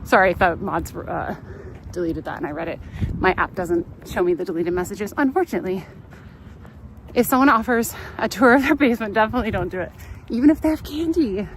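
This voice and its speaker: Her voice sits in the mid range and runs a little fast, and the recording is rough. She's a young travel vlogger from California, casually chatting on a live stream while strolling outdoors down a town street, laughing often, telling stories, and reading out the chat. Street noise and traffic fill the background.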